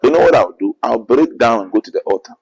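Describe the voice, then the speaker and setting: A man's voice: mid-range voice, animated, quick pace, creaky, darkish tone, husky, poor audio. A man with a Ghanaian accent, an apostle answering interview questions in an earnest preaching manner, often quoting scripture. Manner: earnest, quotes scripture, rising to emphatic bursts.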